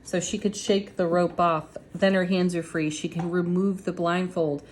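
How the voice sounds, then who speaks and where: A woman's voice: lowish voice, level tone, normal speed, slight background noise. A woman reading tarot cards to her viewers in a casual, chatty, upbeat way. She laughs often and talks straight to her audience. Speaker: tarot reader.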